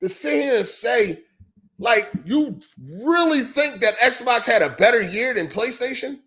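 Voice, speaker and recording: A man with a high-pitched voice rants on a gaming podcast, exasperated and incredulous. He swears freely, repeats his catchphrases and keeps circling back to the same point. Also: animated, measured pace, a bit bright. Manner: heated, profane and repetitive, full of "you know what I'm saying". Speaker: podcast host. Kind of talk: ranting gaming podcast monologue.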